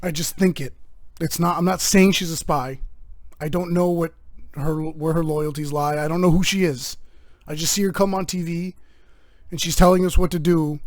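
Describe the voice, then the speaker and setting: A young man hosting his own podcast, rambling through a profane, deadpan comedic monologue. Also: fairly high pitch, moderate pace, dry recording. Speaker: podcast host.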